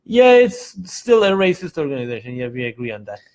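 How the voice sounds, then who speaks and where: Iranian-born male host, slightly high voice, animated storyteller. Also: brisk. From Iran. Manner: animated storytelling, acts out quotes, frequent fillers. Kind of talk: casual live-show chat.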